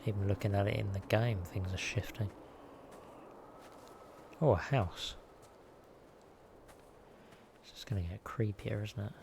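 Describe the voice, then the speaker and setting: Streamer, gravelly low voice, chatty and rambling, noisy audio. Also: male voice, fairly even intonation, unhurried, long pauses. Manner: chatty, rambling, self-deprecating. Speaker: game streamer. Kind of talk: casual live-stream commentary.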